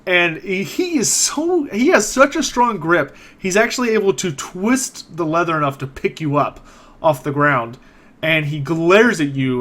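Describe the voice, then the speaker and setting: Guy running a tabletop game, kinda high voice, easygoing. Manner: relaxed narration with fillers. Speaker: game master.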